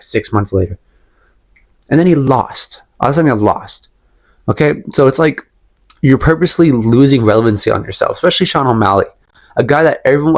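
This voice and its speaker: A young man giving a casual, rambling opinion rant about fighters, emphatic and repetitive, often restating his point. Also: mid-range voice. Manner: rambling, emphatic, repeats himself, sips tea while talking. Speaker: MMA commentary vlogger.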